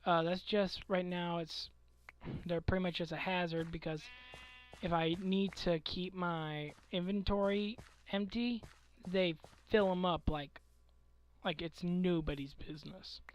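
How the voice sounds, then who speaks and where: A young man with a scratchy, hoarse voice from a cold, rambling and ranting casually over a game he is playing, often correcting himself. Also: sits high, steady tone, a little slow. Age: young adult. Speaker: let's play commentator. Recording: faint background noise.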